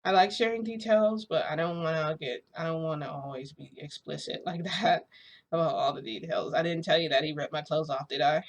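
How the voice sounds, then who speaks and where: This low-voiced woman speaks slightly quickly in a casual vlog, telling viewers a wandering, filler-filled story. "Like" comes up constantly, and she laughs softly between phrases.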